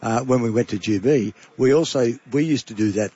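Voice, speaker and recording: Older man, veteran caller, reminiscing, husky, dry, muffled. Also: medium pitch, brisk, dark tone. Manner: reminiscing, laughing easily. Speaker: veteran rugby league caller. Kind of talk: casual chat.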